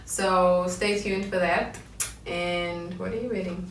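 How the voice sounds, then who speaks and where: A woman's voice: on the low side, flat delivery, slow, faint music behind. Host, female, chatty and self-aware, roomy distant sound with faint hiss. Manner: laughing, chatty, self-conscious. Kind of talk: casual chat.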